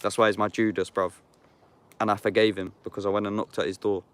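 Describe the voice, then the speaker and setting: This YouTuber, a man of about thirty, speaks with a low, flat, quick voice and clean tone while out in the woods. Reading scripture and reflecting on it, he uses sweary street slang and keeps addressing the viewer as "bruv."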